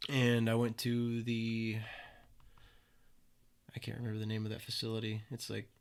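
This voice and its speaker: A man's voice: fairly low pitch, monotone, normal speed, vocal fry, smooth. A young man, a podcast guest, casually telling stories with plenty of swearing and acted-out quotes. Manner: laid-back, swears freely, acts out quoted voices. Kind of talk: casual storytelling interview.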